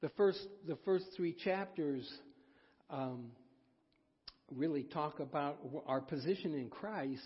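A man preaching a folksy, self-deprecating sermon, with halting restarts. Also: on the high side, husky. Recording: dull sound, long hall reverb.

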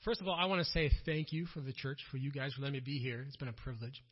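A missionary with a medium-pitched, slightly rough voice races through stories from his work at a church conference. He acts out the people loudly and animatedly. The recording, made through the church PA, is dull and lo-fi.

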